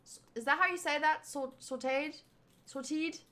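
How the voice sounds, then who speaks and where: A woman's voice: sits high, a little fast, bright, forceful tone. A young woman reading a manga aloud and joking playfully in between. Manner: playful, giggly asides and jokes. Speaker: channel host. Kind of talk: manga readthrough with commentary.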